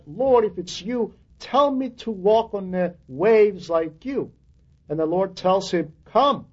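A man's voice: sits high, a little mellow, breathy edge, muffled recording. A man preaching a sermon on scripture, earnest, quoting verses with rising emphasis.

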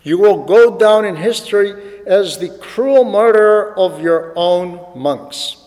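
A cruel male emperor rages and threatens, as a preacher puts him on, pushing his voice higher and louder than plain speech. The sound rings with a long hall reverb. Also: expressive, slow pace. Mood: furious. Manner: shouting, threatening.

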